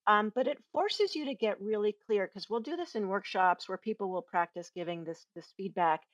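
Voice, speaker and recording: A woman on a podcast who trains people in giving feedback, telling lively stories and acting out quoted voices, laughing often. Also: mid-range voice, normal speed, no echo, muffled recording. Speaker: guest, workplace feedback trainer. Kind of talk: casual podcast conversation.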